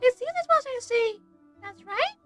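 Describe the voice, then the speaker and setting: A streamer voicing a tiny, excitable fairy companion in a squeaky, bouncy voice while playing a game. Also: moderate pace, faint music behind, full character voice. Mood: curious.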